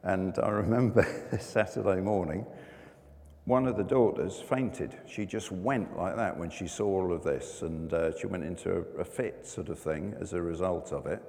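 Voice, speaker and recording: A man preaching a sermon, earnest and conversational, pausing and restarting as he tells a personal story. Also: low-pitched, creaky, darkish tone. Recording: long hall reverb.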